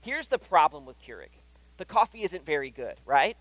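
Chatty pastor with a higher voice. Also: male voice, sing-song, moderate pace, a bit bright, no echo, rough recording. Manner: conversational, keeps checking in with "right?". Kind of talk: sermon. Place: church hall.

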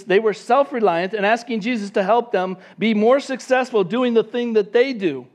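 A man preaching a sermon as pastor, lively, acting out quoted voices. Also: sits high. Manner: animated, acts out the disciples' voices.

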